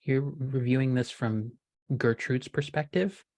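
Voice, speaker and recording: A woman narrating a tabletop role-playing game as game master, describing scenes in a measured, descriptive way. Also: a bass voice, animated, a little mellow.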